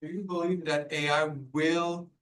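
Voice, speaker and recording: A man from the audience works his way through a long question, stopping and restarting as he searches for words. His voice sits a little high for a man. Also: level tone, a bit bright, rough recording. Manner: halting, full of fillers and restarts. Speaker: audience member asking a question. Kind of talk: hesitant spoken question.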